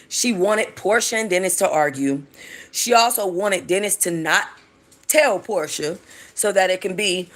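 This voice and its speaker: A woman hosting casual gossip commentary about reality TV, chatty, animated and profane. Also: on the low side. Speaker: host.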